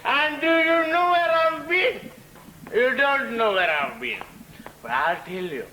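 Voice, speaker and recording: A man's voice: very high-pitched, expressive, pushed and bright, a little hiss or hum, full character voice. An actor playing a boastful, tipsy man who teases and laughs as he tells a story on a theatre stage. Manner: slow, teasing, laughing while he boasts. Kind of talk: stage play performance. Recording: echoey hall, distant mic.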